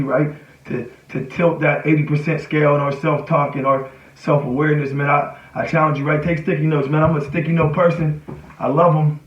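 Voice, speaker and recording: Man giving an echoey motivational talk. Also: on the high side. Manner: conversational, repeats "right?" and "you know". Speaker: motivational speaker. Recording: echoey room, distant mic, dull sound.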